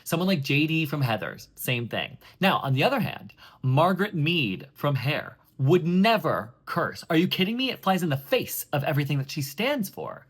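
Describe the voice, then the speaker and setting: A man working as a Broadway audition coach, giving chatty, expressive coaching tips straight to camera with playful emphasis. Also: a little high, moderate pace, hardly any pauses.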